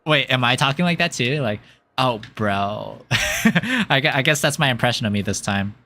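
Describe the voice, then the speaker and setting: A man streaming a game, chatting casually and rambling, often giggling and filling pauses with um and uh. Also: mid-range voice, sharp tone. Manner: rambling and giggly, with many fillers. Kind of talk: casual chat while playing a game.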